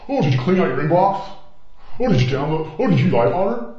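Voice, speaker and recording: A man's voice: a little high, sing-song, fast talker, heavy reverb, muffled recording, voice pushed up. A man imitating a pushy, snippy office computer guy who barks orders.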